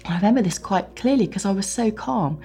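Calm woman recalling her past. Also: medium pitch, fairly quick, soft background music. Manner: calm, reflective, with hesitant fillers. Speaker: interviewee recounting her marriage. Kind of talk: personal interview recollection. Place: hotel room.

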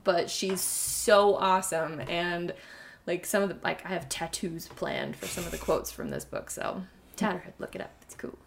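A young woman chatting casually and retelling a fairy tale in a rambling, animated way. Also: on the low side, gravelly, slight background noise.

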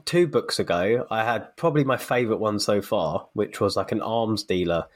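A man's voice: on the low side, normal speed. A man co-hosting a podcast. He chats casually and tells anecdotes, with plenty of fillers and restarts, while getting over a cold. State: recovering from a cold. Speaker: podcast co-host. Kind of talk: casual chat.

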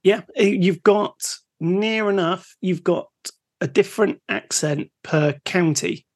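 A man's voice: high voice, takes it slowly. A man co-hosting a podcast, chatting casually, steering the talk and asking the questions. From United Kingdom. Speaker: podcast co-host.

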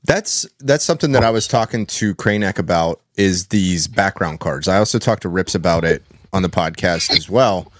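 Low-voiced laid-back podcast host. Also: male voice, normal speed, few pauses, no room sound, clean studio sound. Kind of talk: casual podcast chat.

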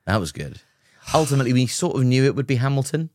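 A man's voice: medium pitch, animated, fast talker, darkish tone, no echo. A man co-hosting a podcast in casual chat, making wry, dry quips. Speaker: podcast co-host.

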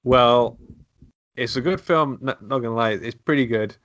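A man hosting a podcast in casual chat, deadpan and playful as he pitches silly plots. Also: moderate pace, no echo. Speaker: podcast host. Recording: dull, dry lo-fi podcast recording.

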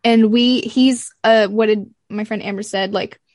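A woman with a mid-range voice speaks unhurriedly in a clean studio recording with no room sound. She's a podcast co-host in casual chat, animatedly recapping scenes and acting out their lines.

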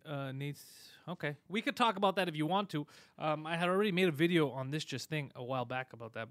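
A man hosting a live show, giving a fast, opinionated rant full of swearing. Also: medium pitch, a bit bright, no echo. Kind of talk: casual live-stream chat.

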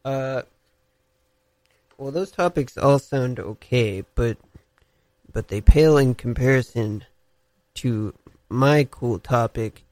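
A man's voice: medium pitch, slow pace, pauses often, a little mellow, no echo. A young man co-hosting a podcast, joking and teasing in a mock-serious way. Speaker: podcast co-host. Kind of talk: playful casual banter.

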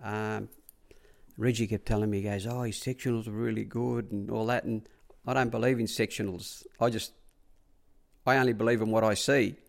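A man's voice: lowish voice, fairly even intonation, normal speed, gravelly. A man with an Australian accent recalls his time as a track rider in a casual, rambling way. He keeps repeating "he said" and "I said" as he tells his stories. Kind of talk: casual anecdotal storytelling.

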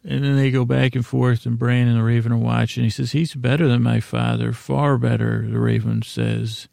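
Gravelly, flat-voiced man rambling a recap. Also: medium pitch, no echo, clean studio sound. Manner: meandering, halting, loosely paraphrases dialogue in a casual retelling. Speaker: sleep podcast host. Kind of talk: rambling episode recap meant for falling asleep.

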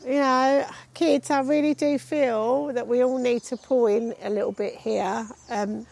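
Gravelly middle-aged mum. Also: female voice, on the high side, steady tone, a little slow, a little mellow. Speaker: mother. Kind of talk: casual chat.

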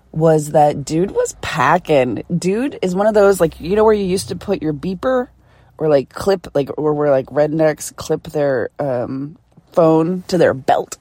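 Woman from philadelphia, podcast host, lowish voice, dry close sound, chatty, laughing, cursing casually. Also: dark tone, slightly rough, dry recording. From Philadelphia, USA. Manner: chatty, laughs often, swears freely. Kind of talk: casual solo storytelling podcast.

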